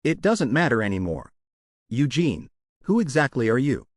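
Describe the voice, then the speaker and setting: A fierce, teasing warrior mother with an axe, read out by a man narrating. The reading stays plain and even in tone, with a lively pitch and a dry, close sound. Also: moderate pace, no echo, lightly acted. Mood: puzzled.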